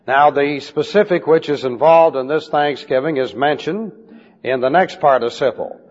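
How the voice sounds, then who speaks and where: A man preaching in a deliberate style, teaching Bible doctrine, and spelling out Greek words letter by letter. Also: on the high side. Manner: slow, deliberate emphasis on key phrases. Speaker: pastor. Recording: dull lo-fi recording with long hall reverb.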